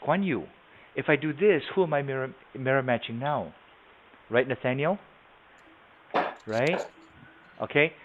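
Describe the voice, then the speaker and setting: Over tinny, phone-like audio with a faint hiss or hum, a man hosts a sales training webinar on a video call. His mid-range voice moves a little slowly with long pauses, and he chats casually, asks the class questions, and repeats himself.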